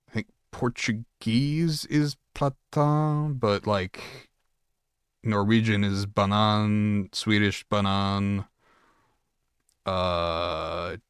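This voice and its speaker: Low-voiced man streaming casually. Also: gravelly, a bit bright, clear, resonant tone, no echo, studio quality. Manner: reads chat aloud, swears, laughs often. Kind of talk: casual live-stream chat.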